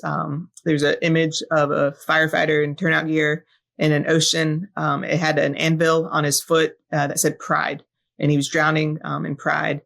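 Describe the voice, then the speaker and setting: With a low, gravelly voice that still has a fairly bright tone, a woman who serves as a fire battalion chief shares a personal story as a podcast guest. She speaks earnestly and reflectively, with plenty of ums and uhs.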